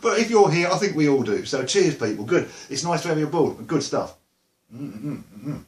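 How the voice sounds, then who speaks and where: A man's voice: fairly high pitch, animated, normal speed. Rambling, jokey Essex man in an echoey room. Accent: Essex English. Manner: jokey, rambling, lots of fillers and asides. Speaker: musician vlogger. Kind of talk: casual rambling chat to camera.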